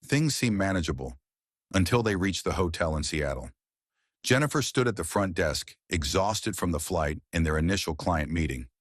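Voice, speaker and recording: Brief: low-voiced male narrator, husky, measured delivery, dry close mic. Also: lively intonation, no room sound. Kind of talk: scripted audiobook narration.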